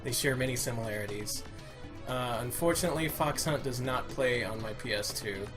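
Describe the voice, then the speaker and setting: A man's voice: mid-range voice, a little fast, music in the background. A man giving casual live-stream commentary while playing a retro game, with dry, wry remarks.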